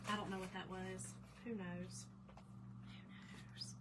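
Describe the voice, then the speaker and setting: This craft livestream host is a woman speaking at a medium pitch in a flat, unhurried way. She chats, warmly greets viewers by name, and often trails off into quiet mutters to herself as she works. The audio carries noticeable background noise.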